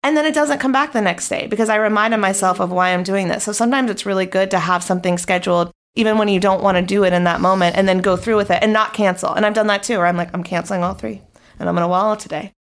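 A woman's voice: medium pitch, fast, hardly any pauses. Female podcast guest, candid and cheerful, conversational. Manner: upbeat, candid, chatty. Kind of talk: casual interview.

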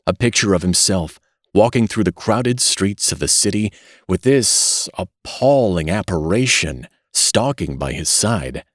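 Male narrator reading a classic short story, low voice with a lively, expressive delivery. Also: no echo, studio quality.

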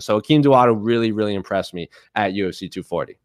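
A man co-hosting a casual podcast, chatty and quick to laugh. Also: lowish voice, dry recording, clean studio sound. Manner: chatty, laughs easily, some restarts. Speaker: podcast co-host. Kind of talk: casual podcast chat about MMA.

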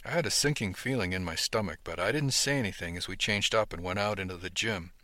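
A man giving scripted first-person narration of a novel in a steady storytelling manner. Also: low voice, fast talker, dry recording. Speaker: audiobook narrator.

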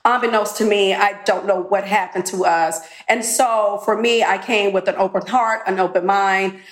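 A woman's voice: medium pitch, fairly even intonation, moderate pace. A woman reality TV cast member telling a candid story in a podcast interview. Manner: candid, retells conversations. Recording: roomy echo.

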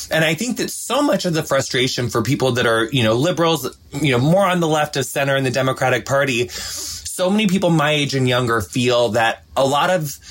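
A man's voice: mid-range voice, fairly bright tone. A man in his thirties hosting a podcast in casual chat, effusive and gushing, calling people honey and saying like a lot. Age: 30s. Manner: effusive and gushing, calls listeners honey, heavy use of like. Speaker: podcast host.

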